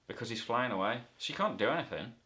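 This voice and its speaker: A man's voice: mid-range voice, expressive, quick pace, pushed and bright. A man from the north of England giving a rambling, playful comic movie review full of self-corrections.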